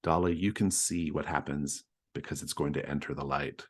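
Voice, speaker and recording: Male game master with an extremely low voice, measured scene narration. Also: fairly even intonation, slightly rough. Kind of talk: narrating a tabletop horror game.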